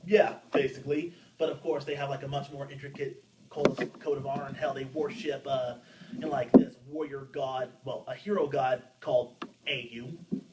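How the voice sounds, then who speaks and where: A man's voice: mid-range voice, steady tone, moderate pace. A young man co-hosting a casual podcast, rambling with lots of filler words and swearing freely. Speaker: podcast co-host. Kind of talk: casual chat. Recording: distant mic, loud background noise.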